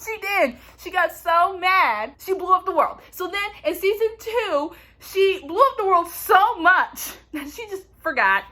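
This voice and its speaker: A woman's voice: very high voice, lively intonation, unhurried, few pauses, sharp tone. A young woman vlogger recapping a TV show in a playful, chatty way, saying "like" constantly. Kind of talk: casual TV recap chat.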